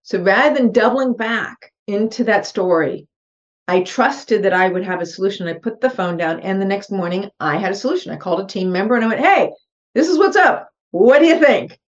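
A woman's voice: mid-range voice, fairly quick. Earnest middle-aged woman telling her story. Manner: earnest, animated, acts out her own thoughts in quotes. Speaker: podcast guest, real estate investor. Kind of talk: personal storytelling in an interview. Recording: slightly dull, muffled podcast audio.

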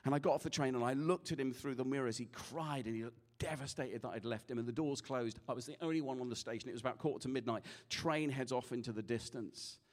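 A man preaching a sermon in church, telling a story with animated energy and later speaking softly in prayer. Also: medium pitch, fast talker, few pauses.

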